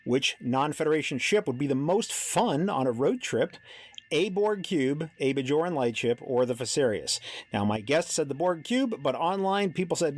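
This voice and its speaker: A man hosting a podcast, reading announcements playfully and then interviewing a guest. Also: mid-range voice. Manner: playful, animated delivery. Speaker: podcast host.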